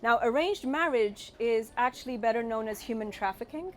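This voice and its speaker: A British-raised woman in her forties doing a stand-up set, with a British accent softened by California and a wry, punchline-driven way of telling stories. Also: fairly high pitch, animated, normal speed, crowd noise, noisy background. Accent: British with a slight Californian tinge. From United Kingdom. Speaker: stand-up comedian.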